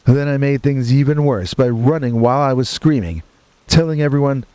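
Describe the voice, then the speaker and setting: A man with a mid-range voice narrates a first-person horror story at normal speed, deadpan and matter-of-fact with wry asides. Rain and thunder sound behind him, and there's no echo.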